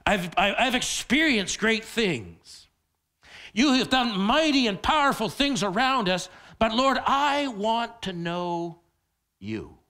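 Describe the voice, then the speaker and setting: Man, middle-aged pastor, sermon, high voice, lively pitch, repeats words. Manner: animated, repeats words when emphatic.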